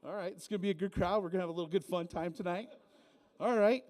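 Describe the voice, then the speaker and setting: A man's voice: high-pitched, fairly even intonation, quick pace, a little mellow. A man working a live event crowd as emcee, teasing the audience in a playful, joking way on a stage mic. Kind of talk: live comedic emcee set.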